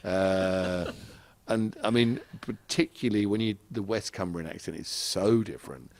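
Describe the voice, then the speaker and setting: A man's voice: on the low side, measured pace, a little mellow, no echo. A middle-aged man from England, telling rambling anecdotes with frequent chuckles as a podcast guest in casual chat. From southeast England.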